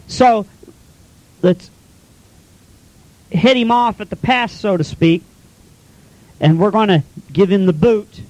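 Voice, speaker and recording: A man's voice: sits high, slow pace, long pauses, a little mellow, no room sound, rough recording. A man preaching a folksy sermon, retelling scripture in plain everyday talk.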